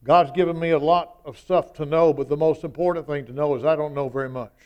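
A male preacher delivers a sermon in a clear, resonant voice that sits a little high. He talks conversationally but drives points home with strong emphasis, acting out quoted lines as he goes. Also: fairly even intonation, fairly quick, lo-fi sound.

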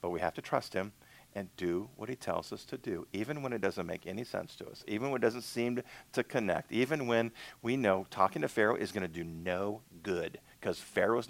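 A man's voice: lowish voice, brisk, vocal fry, no echo. A male minister preaching a conversational sermon, acting out little dialogues with God.

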